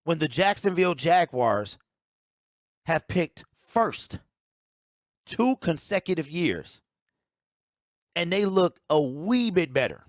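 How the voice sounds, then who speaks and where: A man's voice: a little high, big pitch swings, slow pace, long pauses, no room sound. A man giving opinionated sports talk as a commentator, emphatic and ranting, repeating his key points on a close mic.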